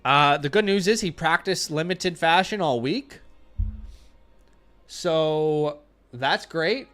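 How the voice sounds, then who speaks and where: A man's voice: on the high side, slow, fairly bright tone, soft background music. A man hosting a casual live stream, answering viewer questions, thinking aloud with fillers and restarts, blunt in his opinions, with a runny nose. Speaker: fantasy football host answering viewer questions.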